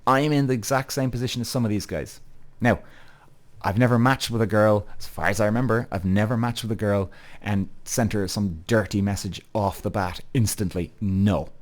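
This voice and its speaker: A man's voice: on the low side, fairly even intonation, normal speed. A man hosting a podcast, talking bluntly to his listeners and swearing often. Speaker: podcast host. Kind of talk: casual rant.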